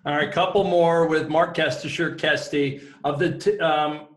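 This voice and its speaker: A man's voice: a little high, fairly even intonation, unhurried. A man hosting a casual interview, asking questions and often putting in short affirmations. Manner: affable, frequent short affirmations. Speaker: podcast host. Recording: echoey room.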